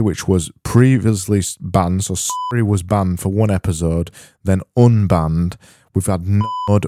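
A man hosts a solo comedy podcast in a low, mellow voice, rambling in a deadpan way and tripping over his own restarts. The sound is close and dry with no room in it. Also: dry recording. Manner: rambling, self-interrupting, deadpan. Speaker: podcast host.

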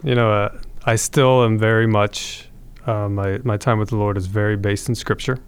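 A man's voice: on the low side, fairly even intonation, moderate pace, smooth. A man, a podcast guest, telling his conversion story in an earnest, reflective way with frequent restarts.

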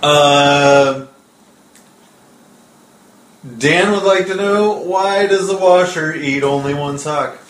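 A man co-hosting a casual podcast, laid-back and quick to laugh while reading listener questions. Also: fairly high pitch, fairly bright tone. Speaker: podcast co-host. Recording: echoey room.

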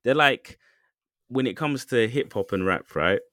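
A man's voice: medium pitch, animated, a little slow, a bit bright, no room sound, studio quality. A man co-hosting a podcast, telling a story loosely with lots of fillers and asides. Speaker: podcast co-host. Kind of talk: casual chat.

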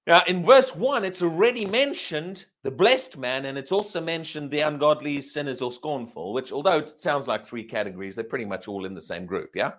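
Lively, emphatic male preacher. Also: fairly quick, few pauses. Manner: emphatic, asks the congregation questions; lively, swinging pitch. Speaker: pastor. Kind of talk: sermon.

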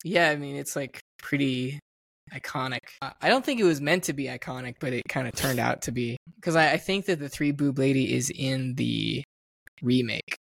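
A man talks through a movie with his co-host in loose, casual chat, full of fillers and easy laughter. His voice has a gravelly edge. The sound is dry and close, with no room around it. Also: mid-range voice, normal speed, fairly bright tone, no room sound. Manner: chatty, laughs often, many "like" fillers. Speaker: podcast co-host. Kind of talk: casual film podcast chat.

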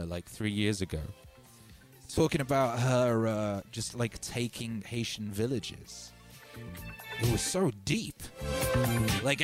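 A man hosting a livestream, chatting casually in a laid-back, slangy, rambling way. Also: mid-range voice. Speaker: livestream host.

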